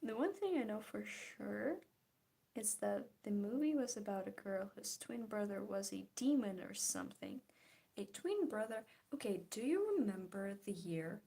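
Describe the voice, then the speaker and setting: A woman's voice: medium pitch, animated, moderate pace, gravelly, warm tone. A young woman chatting casually and giggling while she paints, trailing off into murmured, half-whispered asides. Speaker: art vlogger.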